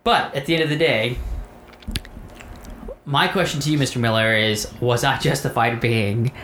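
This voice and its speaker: A man's voice: mid-range voice, normal speed, background noise. A man on a podcast telling a long story about an argument, swearing often and sounding fed up as he quotes both sides. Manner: profane, exasperated, recounts arguments in quotes. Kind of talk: casual storytelling rant.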